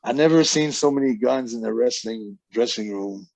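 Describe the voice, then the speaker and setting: A man's voice: medium pitch, moderate pace, gravelly, darkish tone, no echo, poor audio. A man, a wrestling guest telling long rambling stories in a casual interview, acting out the people he quotes. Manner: rambling anecdotes with quoted voices.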